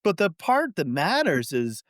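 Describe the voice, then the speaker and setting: A man chats as a podcast guest, rambling through fillers and quick restarts. His pitch jumps around a lot as he gets excited. The sound is dry and close, with no room echo. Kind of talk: casual conversation.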